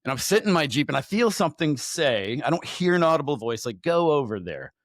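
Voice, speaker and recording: A man guest on a faith podcast, telling a personal story in a candid, animated way, often repeating words and restarting. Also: fairly high pitch, fast talker, no room sound. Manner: animated storyteller who acts out his own thoughts.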